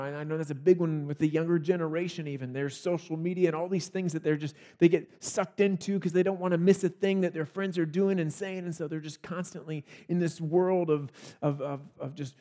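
A pastor preaches a sermon in a relaxed, conversational manner, often restarting sentences and letting out small laughs. His voice sits on the high side.

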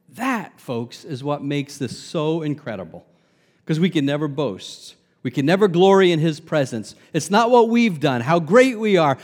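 A middle-aged male pastor from Long Island, New York, preaches with a slightly raised voice that rings out in a long hall echo. He punches key words hard, then drops to quiet asides and adds light humor. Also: on the high side. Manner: emphatic preaching that swings between loud stresses and soft asides, with humor. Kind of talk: sermon.

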